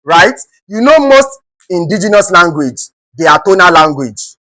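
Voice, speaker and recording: A man's voice: high-pitched, sing-song, unhurried, bright, forceful tone, no room sound, low-quality recording. A man with a Nigerian accent teaching an exam-prep English lesson, often checking in with rhetorical questions and repeating words for emphasis.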